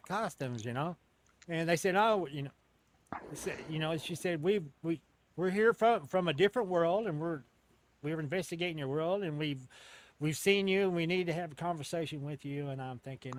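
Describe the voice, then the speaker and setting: Man with a slightly high voice, rambling. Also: a little fast. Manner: rambling, with many restarts and casual swearing. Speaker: interview guest recounting an encounter. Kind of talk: casual storytelling in an interview.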